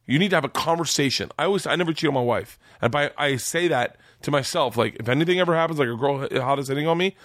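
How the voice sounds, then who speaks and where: A man in a comedic podcast interview, telling a story in an animated, profane way. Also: on the high side, dry recording, studio quality. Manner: animated, profane, fast-building punchlines.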